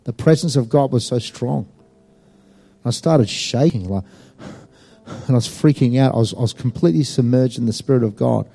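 Male speaker, warm-toned, emphatic testimony with lots of ums, soft music bed. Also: medium pitch, normal speed, gravelly. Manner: animated and emphatic, with many fillers. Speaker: speaker giving a personal testimony. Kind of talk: storytelling testimony.

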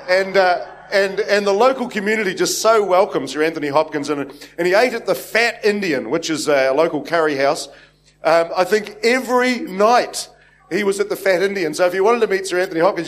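Brief: New Zealand male pastor, slightly raised pitch, loose anecdotal sermon delivery with plenty of "uh" and restarts. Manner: rambling, anecdotal, many restarts and fillers. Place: church hall with congregation.

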